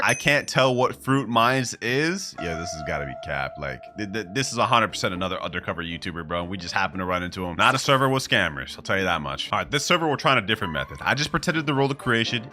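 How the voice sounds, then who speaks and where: Male gaming YouTuber, mid-pitched, bright and punchy, excitable slangy commentary. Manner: excitable, slangy, laughs often. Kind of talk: gameplay commentary.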